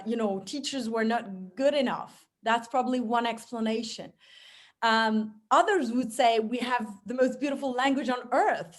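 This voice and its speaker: A middle-aged French woman with a French accent, speaking English as a guest in a relaxed interview, animated with frequent fillers and restarts. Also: on the high side. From France. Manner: expressive, many fillers and restarts. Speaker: speechwriter guest. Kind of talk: conversational interview.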